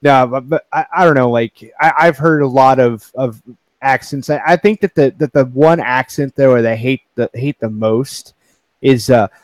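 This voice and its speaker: A man's voice: mid-range voice, normal speed, no echo. A man in a casual group chat who hedges, trails off and restarts his sentences.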